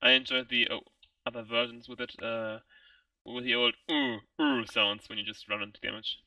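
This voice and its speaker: A man chatting casually while playing a game, making quick, joking remarks. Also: medium pitch, huge pitch swings, creaky, pushed and bright, no echo, far from the mic, low-quality recording. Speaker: game player. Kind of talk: casual gameplay chat.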